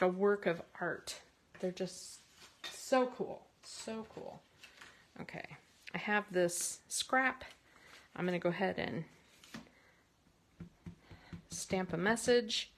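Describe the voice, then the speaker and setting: A woman hosting a casual card-making tutorial from her craft space, chatty and rambling, with bursts of excitement. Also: on the low side, slow pace, pauses often, a little hiss or hum.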